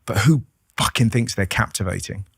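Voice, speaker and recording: رجل إنجليزي يروي القصص بحيوية. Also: male voice, on the low side, moderate pace, creaky, husky, no echo, clean studio sound. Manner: animated storyteller, acts out voices, swears freely. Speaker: comedian guest. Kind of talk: casual podcast conversation.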